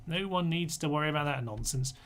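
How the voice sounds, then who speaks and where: A man's voice: a little high, quick pace, fairly bright tone. A man giving casual live-stream commentary as he plays a strategy game, rambling and chatty, with self-mocking asides.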